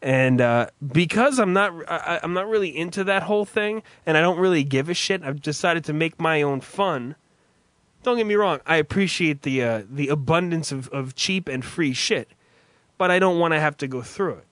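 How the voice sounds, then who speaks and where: A man rambles through a loose, comedic chat and swears freely as he tells stories. His voice sits high and sounds bright. The sound is dry and close. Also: expressive, normal speed, dry recording. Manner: profane, rambling.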